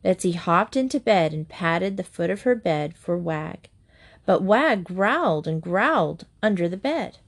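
A woman reads a children's chapter book aloud. Her voice sits on the lower side, and she tells the story in a gentle, steady way. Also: a little slow. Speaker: narrator.

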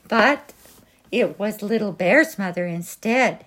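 A woman reading a children's picture book aloud in a gentle, expressive way. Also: medium pitch, measured pace. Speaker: storybook reader.

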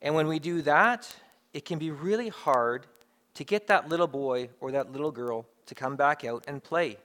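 A man's voice: on the high side, moderate pace, fairly bright tone. A man preaching a sermon in a conversational way, driving points home through emphatic repetition. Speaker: pastor.

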